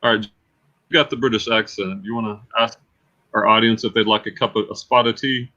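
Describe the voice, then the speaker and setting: A man's voice: lowish voice, fairly even intonation, a little fast, pushed and bright. A man hosting a casual livestream, chatty and repeating words as he thinks aloud. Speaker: livestream host and reseller. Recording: slightly dull lo-fi sound.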